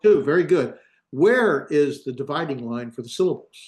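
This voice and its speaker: A man's voice: on the high side, animated, moderate pace, darkish tone, reverberant. A man teaching a Biblical Hebrew grammar class online, plain-spoken, thinking aloud with restarts and fillers. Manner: plain-spoken, jokes about himself. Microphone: computer mic in a video class.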